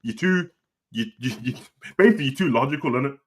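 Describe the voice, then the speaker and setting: A man chatting on a podcast in slangy, animated bursts with lots of repeats. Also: mid-range voice, fast. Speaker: co-host. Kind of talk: casual podcast chat.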